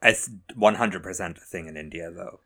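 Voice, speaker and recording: Guy with a low voice, talking calm and careful, podcast chat. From North America. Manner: measured, gentle, thoughtful. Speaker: podcast co-host. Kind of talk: casual chat.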